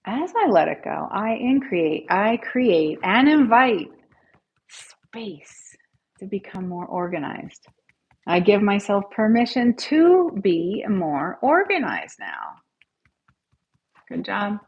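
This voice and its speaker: A woman leads a live guided tapping session, cheering on her viewers and reading out their scores. Her voice is husky and a little breathy, and she speaks at a middling pitch. The sound is dull and lo-fi, like a home livestream. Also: big pitch swings, slow pace. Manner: encouraging, calls out viewers' scores; has listeners repeat affirmations after her. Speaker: tapping coach, livestream host.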